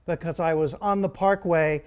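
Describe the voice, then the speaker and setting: Dry-joking man, high voice. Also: fairly even intonation, normal speed, smooth. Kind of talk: casual chat.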